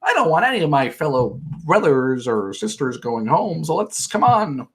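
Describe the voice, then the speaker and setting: A man voicing an excitable young woman houseguest in a squeaky, breathless, pleading falsetto. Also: normal speed. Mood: excited.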